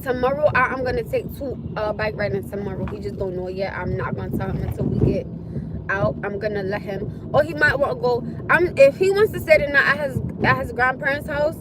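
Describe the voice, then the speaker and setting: Heavy background noise surrounds a young woman chatting with viewers on a livestream from her car. Her voice is on the high side and brisk, and she gets animated, swearing and yelping in alarm at what's on the road ahead.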